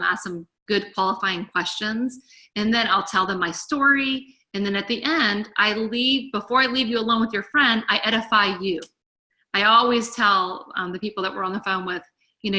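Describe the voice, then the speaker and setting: Chatty woman coaching her team on a call, bright tense voice, talks a lot. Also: mid-range voice. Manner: chatty, eager, encouraging. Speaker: team leader. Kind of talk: coaching talk on a group call.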